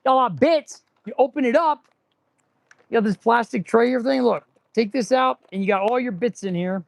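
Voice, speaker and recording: A man's voice: very high voice, fairly quick, creaky. A man who runs a repair shop, hosting a casual live stream. He rambles and rants sarcastically and restarts his sentences often. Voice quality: sarcastic, rambling, talks with his hands on tools. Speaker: auto mechanic and channel host. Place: auto repair shop, indoors.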